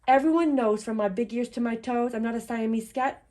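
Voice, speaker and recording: A woman voicing a mischievous boy kitten who thinks he is a chihuahua, boasting loudly in a playful put-on Spanish accent. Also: on the high side, a little fast, close to an everyday voice. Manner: boastful, bouncy, loud.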